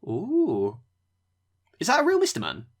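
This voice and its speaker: A man's voice: sits high, measured pace, gravelly. A man co-hosting a podcast, chatting casually and rambling with fillers while reviewing a wrestling event. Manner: relaxed, rambling, with fillers and laughs. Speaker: podcast co-host.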